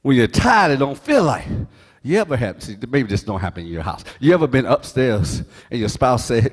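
A man pastor preaching a sermon, folksy and joking, moving from quiet words to shouting. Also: medium pitch, moderate pace, long reverb tail. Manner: animated preaching, swings from hushed to shouting.

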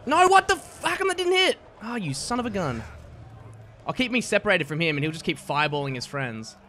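A young man giving excitable, trash-talking commentary while playing a game, often laughing at his opponents. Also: high-pitched, fairly quick, a little hiss or hum. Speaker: gaming YouTuber. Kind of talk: let's play commentary.

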